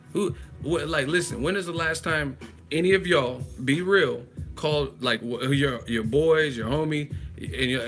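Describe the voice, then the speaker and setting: A man's voice: medium pitch, creaky. A man hosting a live chat stream, roasting a viewer in a profane, mocking, laughing way. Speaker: livestream host.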